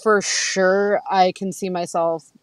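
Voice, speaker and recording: A woman's voice: on the low side, takes it slowly, no room sound, low-quality recording. Chatty woman telling stories with laughter. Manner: animated storytelling, acts out quotes, laughs often. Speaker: guest. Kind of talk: casual chat.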